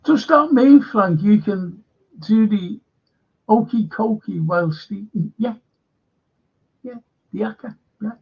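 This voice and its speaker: Gravelly, husky man chatting. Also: high-pitched, takes it slowly, pauses often, muffled recording. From Liverpool. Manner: rambling, chatty, jokey asides. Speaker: host. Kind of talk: live fan chat show, reading chat questions.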